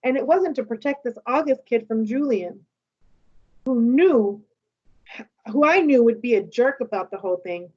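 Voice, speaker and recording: A woman's voice: a little high, muffled recording. A woman teacher reading a children's novel aloud to her class, bringing the dialogue to life. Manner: lively, voices the characters' dialogue.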